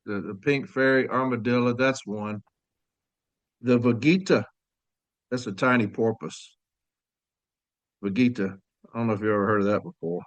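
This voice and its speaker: A man hosts his podcast in easy, casual talk, chatting and laughing with his listeners. His voice sits at an everyday middle pitch. The sound is close and dry, with no room around it. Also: fairly even intonation, moderate pace, pauses often, dry recording. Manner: laid-back, laughing storyteller, addresses audience as y'all. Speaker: podcast host. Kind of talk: casual chat.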